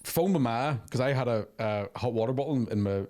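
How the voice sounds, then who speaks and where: Man, podcast host; quick profane yarn-spinning, mimics others. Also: mid-range voice. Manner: profane, animated storytelling with acted quotes. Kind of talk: casual storytelling chat.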